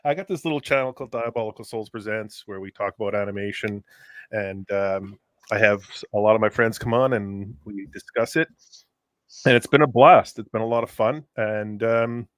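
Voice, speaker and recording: Brief: man, low voice, relaxed rambling guest talk, dry close sound. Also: normal speed, dry recording. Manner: easygoing, rambling, chuckling. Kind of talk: casual livestream panel chat.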